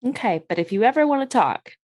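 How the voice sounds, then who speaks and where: A woman's voice: a little high, animated, fast, darkish tone, pitched above the performer's own voice. A woman voicing a blunt, motherly woman adventurer in tabletop role-play, teasing and direct. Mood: consoling.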